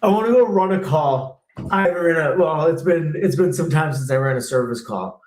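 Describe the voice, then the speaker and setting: A man's voice: fairly high pitch, normal speed, a little mellow, echoey room. A man in his thirties, a former technician hosting a live Q&A, talking in a blunt, fired-up way and swearing freely. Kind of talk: live Q&A rant.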